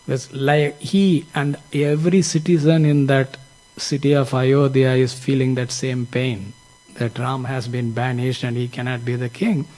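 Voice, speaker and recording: A man's voice: medium pitch, little pitch movement, measured pace, darkish tone, rough recording. A man teaching from a scripture story, explaining its lessons in a reflective, explanatory way. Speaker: spiritual teacher.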